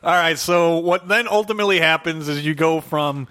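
A man's voice: on the high side, normal speed, bright, forceful tone. A man co-hosting a casual movie review chat with wry, sarcastic asides. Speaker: podcast co-host.

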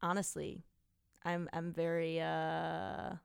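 A woman's voice: deep voice, flat delivery, slow pace, creaky, clear, resonant tone, no room sound, clean studio sound. A young woman from Wisconsin, co-hosting a podcast in a chatty, giggly, self-mocking way. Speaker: podcast co-host. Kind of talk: casual chat.

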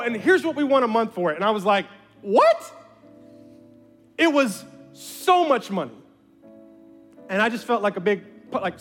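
A male pastor telling a story from the pulpit in an animated way, acting out conversations with bursts of excitement. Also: high-pitched. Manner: animated, acts out dialogue with rising excitement. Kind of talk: sermon storytelling.

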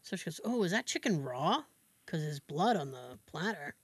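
A woman co-hosting a podcast, telling a family story in casual chat, animated and acting out her relatives' voices with frequent laughs. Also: low voice, moderate pace, breathy edge, no room sound. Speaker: podcast co-host.

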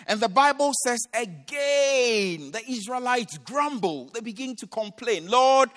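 A high-voiced man preaches with a lively, swooping delivery. He retells a scripture story dramatically and acts out its voices. His voice rings with a long hall reverb. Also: normal speed. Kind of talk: sermon.

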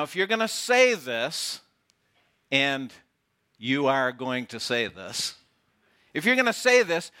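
Bright, slow-talking preacher man. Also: on the high side. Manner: playful, teasing, drops to a hush for effect. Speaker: pastor. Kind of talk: sermon. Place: outdoor gathering with camp chairs.

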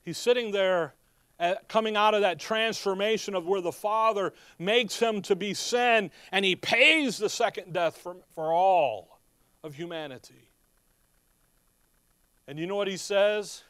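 A man preaching with a high, smooth, resonant voice, recorded close and dry. He rises from hushed asides to loud, urgent cries. He keeps breaking off to look up his scripture references. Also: unhurried, dry recording. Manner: often breaks off mid-phrase to look up chapter and verse. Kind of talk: sermon.

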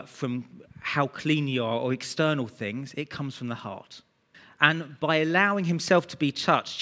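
A man's voice: a little high, a bit bright. Man preaching in a reverberant church. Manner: earnest, rising emphasis on key words. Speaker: pastor. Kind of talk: sermon. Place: church hall.

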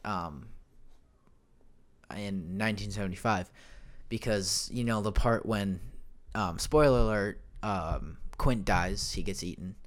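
Young male solo podcast host, lowish voice, loose and rambling, lots of ums and restarts, desk mic at home. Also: takes it slowly. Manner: rambling, many fillers and self-corrections. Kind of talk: casual solo podcast chat. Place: home room. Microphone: desk microphone.

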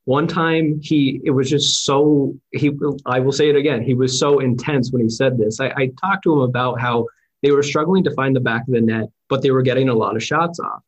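A man hosting an interview, telling anecdotes in a chatty, animated way. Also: mid-range voice, a little fast, poor audio. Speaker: podcast host and former sports reporter. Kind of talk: casual interview chat with storytelling.

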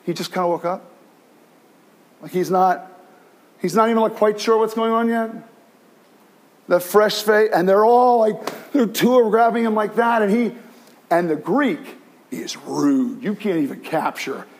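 A man preaching a sermon as pastor, animated, with many restarts, acting out the cries of the people he tells about. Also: sits high, unhurried, pauses often.

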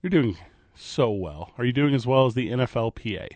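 A man hosting a morning sports talk radio show from a studio, bantering in a quick, joking way. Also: medium pitch, no echo. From American Midwest. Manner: animated, quick, joking delivery. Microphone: studio microphone.

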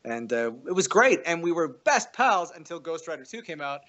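Animated, profane male storyteller. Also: moderate pace, dull audio. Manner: profane, acts out quotes with pitch jumps. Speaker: guest telling a story.

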